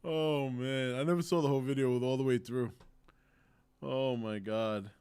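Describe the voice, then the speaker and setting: A man's voice: medium pitch, fairly even intonation, moderate pace, a little mellow, a little hiss or hum. A man hosting a stream, making casual, laid-back remarks while he watches clips. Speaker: stream host. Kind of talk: casual reaction commentary.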